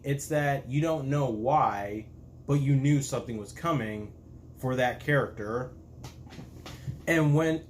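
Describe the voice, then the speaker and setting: A man hosting his own show review in a casual spoken style, talking in a halting way with frequent restarts and self-corrections. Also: mid-range voice, slight background noise. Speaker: YouTube reviewer.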